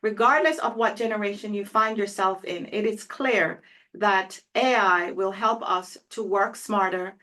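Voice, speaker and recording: A woman's voice: medium pitch, steady tone, measured pace, sharp tone. A woman hosting an interview, upbeat and enthusiastic as she asks questions and sums up. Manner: upbeat, enthusiastic, wrapping up with optimism. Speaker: interview host. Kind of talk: hosted interview conversation.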